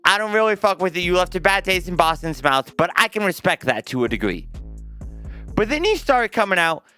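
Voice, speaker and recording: A man's voice: high-pitched, big pitch swings, fairly quick, bright, forceful tone, smooth, faint music behind. A young man giving a casual, profane sports opinion rant to his viewers, emphatic and talking like he's chatting with a friend. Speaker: sports commentary vlogger.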